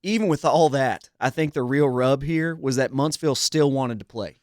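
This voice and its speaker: A man's voice: medium pitch, moderate pace, darkish tone, no room sound, clean studio sound, natural voice. A man playing Dwayne, a folksy, blustering co-host of a small-town sports radio show. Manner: folksy, blustering, calls people partner and buddy.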